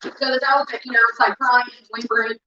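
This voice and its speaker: A woman's voice: on the high side, level tone, fast, sharp tone, highs cut off, a little hiss or hum. A woman livestreaming, telling a rambling, profane story in a casual chat that keeps getting sidetracked.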